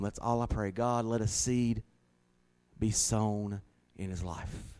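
A man's voice: mid-range voice, a little mellow. Folksy preacher man telling a story. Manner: folksy, slows down for emphasis. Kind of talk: sermon storytelling.

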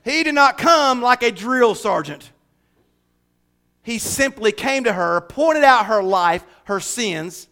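A man pastor preaching a sermon in a church, animated, shifting from loud declarations to hushed asides with jokes. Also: very high-pitched, slow. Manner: animated, swings from shouting to hushed, joking asides.

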